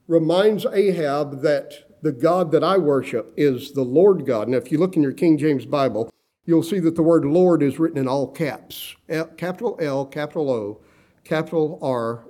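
A middle-aged man preaching a sermon, emphatic and slowing down to stress key words. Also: on the high side, dark tone. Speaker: pastor.

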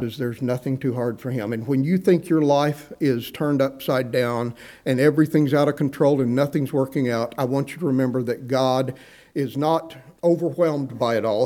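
A man delivers a sermon in a mellow, warm voice that sits a little higher than most men's. He preaches earnestly, puts feeling into quoted lines from scripture and turns to his listeners with questions. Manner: asks the congregation questions. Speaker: pastor.

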